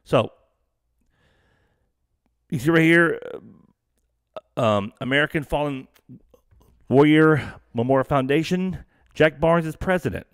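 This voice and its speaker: A man's voice: on the high side, unhurried, long pauses, no room sound, clean studio sound. A middle-aged man from Texas hosting a live stream, ranting bluntly and profanely in a rambling, casual way.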